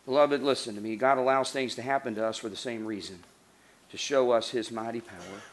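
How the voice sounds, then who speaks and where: A man preaching a sermon as pastor, earnest, rising to emphatic lines and dropping to soft hushed passages. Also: medium pitch, fairly quick, slight background noise.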